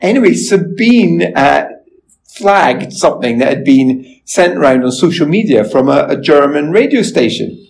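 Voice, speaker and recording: A man's voice: on the high side, animated, a little slow, creaky, a little mellow, a little hiss or hum, low-quality recording. A man in his forties hosting a podcast in casual, self-mocking chat with lots of restarts. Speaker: podcast host.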